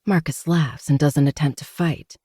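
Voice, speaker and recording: A woman's voice: low-pitched, fairly even intonation, normal speed, warm tone, husky, no room sound, clean studio sound. A woman narrating a first-person novel with dramatic storytelling.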